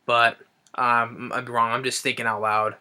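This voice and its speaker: A man giving a casual spoken film review, halting and restarting his phrases as he thinks aloud. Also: mid-range voice, little pitch movement, bright, forceful tone. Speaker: movie reviewer.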